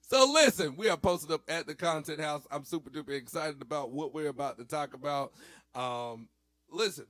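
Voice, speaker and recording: A man hosting a casual faith talk, playful and animated, joking and mimicking preachers. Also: on the high side, moderate pace, dry recording. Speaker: host.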